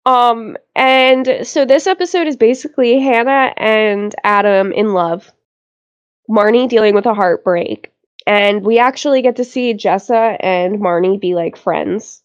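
A woman's voice: medium pitch, measured pace, smooth, muffled recording. A woman co-hosting a podcast, chatting casually about a TV episode, laughing often and swearing freely. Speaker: podcast co-host. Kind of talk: casual chat recapping a TV episode.

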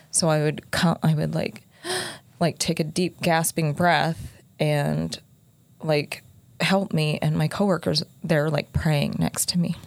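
A woman's voice: low-pitched, vocal fry, darkish tone, dry recording. A middle-aged woman hosting a podcast, candidly telling a personal story in a conversational way with many fillers. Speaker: podcast host.

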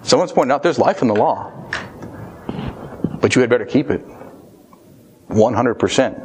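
A male pastor delivers a sermon at an ordinary middle pitch. He reads long scripture passages aloud, then builds up his points with emphatic, rising stresses and repeated phrases. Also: expressive, moderate pace, long pauses, darkish tone, slight background noise.

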